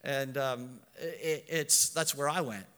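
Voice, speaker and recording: A man preaching a sermon in earnest, swinging between soft asides and loud emphatic lines, correcting himself as he goes. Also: medium pitch, slow, smooth, big-room sound. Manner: self-correcting, with fillers.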